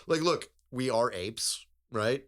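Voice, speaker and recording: A man's voice: medium pitch, expressive, slow pace, fairly bright tone. A man co-hosting a podcast in casual chat, rambling and profane, laughing often. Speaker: podcast co-host.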